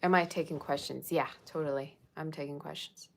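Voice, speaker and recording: A woman's voice: low-pitched, steady tone, brisk, gravelly. A woman tarot reader chatting casually on a livestream, reading viewer comments aloud and answering them. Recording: faint background noise.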